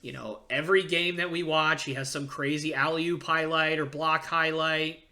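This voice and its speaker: Excitable young man ranting about sports. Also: on the high side, normal speed. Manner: excitable, ranting, with frequent fillers and restarts. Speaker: podcast host. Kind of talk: casual sports podcast rant.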